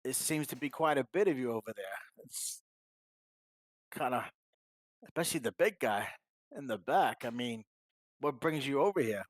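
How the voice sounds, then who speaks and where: A man's voice: medium pitch, animated, normal speed, pauses often, dry recording, natural voice. Shady grinning barkeep with sly sales patter, voiced by a man, dry close sound. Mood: friendly. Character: shady grinning male tavern bartender.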